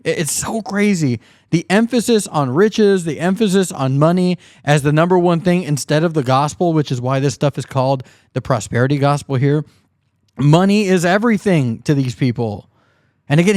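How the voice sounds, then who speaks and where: A man's voice: a little high, a little mellow, no room sound, studio quality. Indignant, sarcastic male commentator. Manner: indignant and sarcastic, mocking the preacher. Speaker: host of a commentary channel. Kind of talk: critical video commentary.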